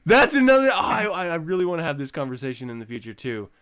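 A man's voice: fairly high pitch, big pitch swings, fast, crowd noise. A man hosting a podcast in casual chat, ranting profanely and laughing often. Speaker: podcast host.

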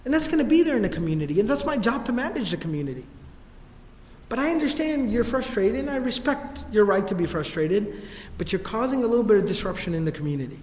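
A man voicing a calm male leader who reasons gently but firmly with an old friend. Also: high-pitched, fast, reverberant, big-room sound. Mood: calm, reasoning. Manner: soothing, reasoning, gently firm.

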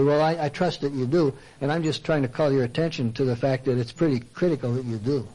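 Speaking fairly quickly with few pauses, this older man has a mellow, medium-pitched voice captured on a low-quality recording. He's a Christian speaker and counselor giving a sermon in a conversational style, asking rhetorical questions and voicing his audience's objections himself.

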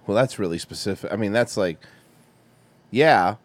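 A man's voice: fairly low pitch, measured pace, no room sound. Man, podcast co-host, sarcastic banter, profane, dry close sound. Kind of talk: casual chat.

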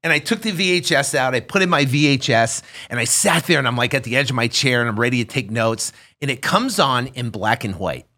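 A man telling an animated story in a casual interview, acting out quotes as he goes. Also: medium pitch, brisk, hardly any pauses. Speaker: real estate investor guest.

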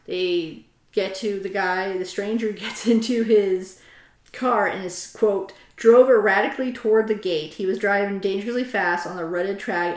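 A woman of middle pitch hosts a casual chat, retelling a story with lively energy and stopping to read passages aloud. Her voice carries a roomy echo. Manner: animated retelling, reads quotes aloud. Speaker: host.

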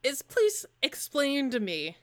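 A young woman co-hosting a podcast in animated, jokey casual chat, laughing often. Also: sits high, slow. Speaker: podcast co-host.

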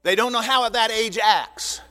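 Older male pastor, high-pitched, animated teaching sermon in a reverberant hall. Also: a little slow. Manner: animated, joking asides to the congregation. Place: church sanctuary. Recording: long reverb in a church hall.

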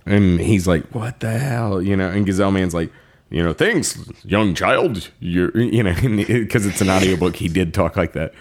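A man co-hosting a podcast, casually retelling a story, laughing often and acting out the characters' lines in quick quoted voices. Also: deep voice, darkish tone. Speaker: podcast co-host.

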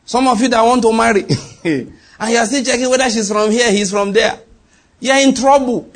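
A middle-aged man, preaching an animated sermon with sudden leaps in pitch and acted-out dialogue. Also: fairly quick. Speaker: pastor.

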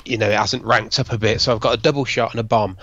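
A man's voice: fairly low pitch, steady tone, quick pace, pushed and bright, dry recording, muffled recording. A man co-hosting a podcast, chatting in a blunt, jokey, slangy way. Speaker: podcast co-host. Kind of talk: casual chat.

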